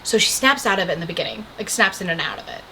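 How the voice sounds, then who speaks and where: A young woman casually recapping a movie, chatty and animated, saying "like" a lot and breaking off to talk to the camera. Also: on the low side, racing, gravelly, a little hiss or hum, poor audio. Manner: chatty, animated, heavy use of "like"; breaks off to talk to the camera about her coffee and pillow. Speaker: vlogger reviewing a movie.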